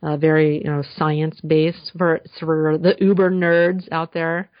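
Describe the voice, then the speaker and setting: A woman's voice: sits low, level tone, a little slow, dry recording. A woman speaking as a guest in a casual podcast interview, earnest and enthusiastic, with frequent fillers. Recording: dull slightly lo-fi dry sound.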